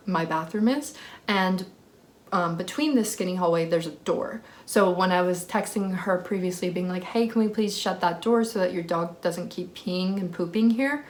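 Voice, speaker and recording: A woman in her twenties telling a story time vlog in a casual chatty way, full of "like". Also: medium pitch. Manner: casual, lots of filler "like", swearing. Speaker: vlogger.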